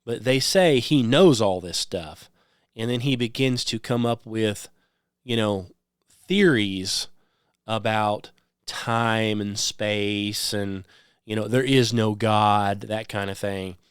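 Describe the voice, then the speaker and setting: A man's voice: on the low side, takes it slowly, clean tone, no echo. Rambling male radio host, dry sound. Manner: conversational, repeats "okay?" and "um" often. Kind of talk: rambling monologue.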